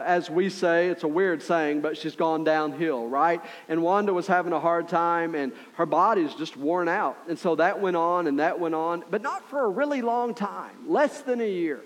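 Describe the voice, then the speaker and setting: A middle-aged male pastor preaching a sermon in a conversational, earnest way, often checking in with listeners with quick asides. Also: on the high side.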